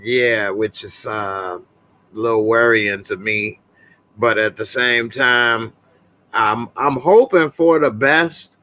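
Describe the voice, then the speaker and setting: Bright-voiced man telling stories on a stream. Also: mid-range voice, slow. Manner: loose storytelling with slang and frequent laughs. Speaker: host of a live talk stream. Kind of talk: casual live-stream chat.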